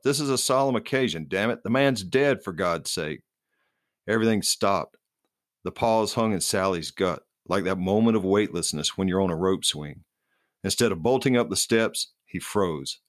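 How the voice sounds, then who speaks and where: A male author reading aloud from his novel in a measured, steady way. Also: low-pitched, dry recording, clean studio sound.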